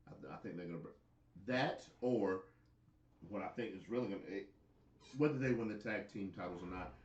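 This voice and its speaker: A man co-hosting a casual wrestling chat on a live stream, halting and repeating words as he thinks. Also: lowish voice, recorded from a distance. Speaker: co-host. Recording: echoey, dull sound.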